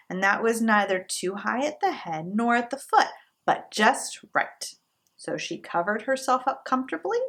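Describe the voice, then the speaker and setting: A woman hosting a storytime, reading a children's story aloud in an expressive, playful way. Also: lowish voice, vocal fry. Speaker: storytime host.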